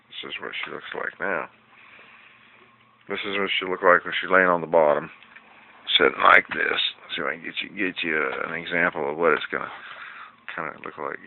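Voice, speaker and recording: A man with a very low, gravelly voice talks his way through a home hobby project in a loose, folksy ramble. He is quick to grumble. The sound is thin and tinny, like a cheap camera mic with faint hiss behind it. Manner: rambling, folksy, easily irritated. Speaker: hobbyist showing a fish tank project. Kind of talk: casual home video walkthrough.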